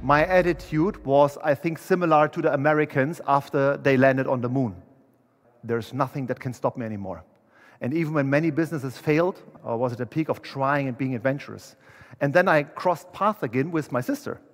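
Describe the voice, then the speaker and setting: A man's voice: medium pitch, fairly quick. A young adult man, a motivational speaker, telling a personal story to employees in a candid, chatty way and acting out what people said. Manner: candid, chatty, acts out dialogue. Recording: long reverb of a large hall.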